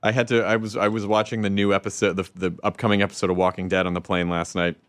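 A man's voice: low voice, level tone, quick pace, dry recording. A man from the American South hosting a talk show, chatting playfully and teasing his guests. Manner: playful, teasing, laughs often. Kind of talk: casual chat.

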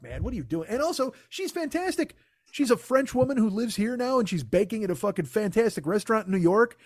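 High-voiced man ranting profanely. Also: big pitch swings, brisk, no echo, studio quality. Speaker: podcast host. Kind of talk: casual comedic rant.

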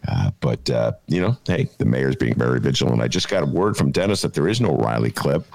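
Deep-voiced man, lively and musing. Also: brisk, gravelly, a little hiss or hum. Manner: animated, musing, many fillers. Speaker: host. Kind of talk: casual political talk.

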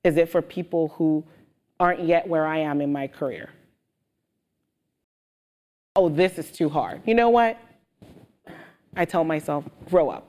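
A woman guest speaker telling stories with animated energy in a live on-stage interview. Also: low-pitched. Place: auditorium with audience. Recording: long hall reverb.

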